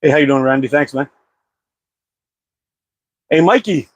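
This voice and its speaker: Speaking a little slowly in a fairly high-pitched voice, a slingshot channel host chats casually on a live stream from his home. He rambles easily and fills gaps with frequent "uh"s, and there's no echo.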